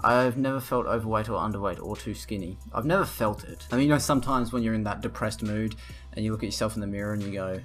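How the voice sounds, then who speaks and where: A man's voice: fairly low pitch, fast, few pauses, faint music behind. A young man in a casual vlog, ranting sarcastically with lots of swearing as he reacts to what he reads. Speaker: vlogger. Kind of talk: profane reaction rant.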